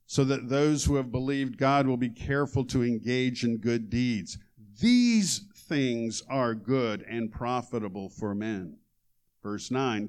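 Slow, measured male preacher. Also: medium pitch, a little mellow, clean tone. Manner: slow, measured preaching with emphatic scripture reading. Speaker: pastor. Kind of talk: sermon.

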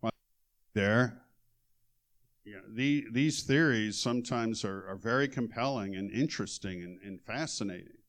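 A man preaching a sermon, reading scripture aloud with emphatic, measured delivery. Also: on the low side, fairly bright tone. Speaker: pastor.

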